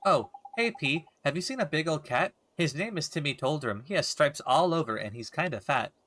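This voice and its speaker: A man's voice: fairly high pitch, expressive, fairly quick, fairly bright tone, slight background noise. A man reading an earnest young boy hero.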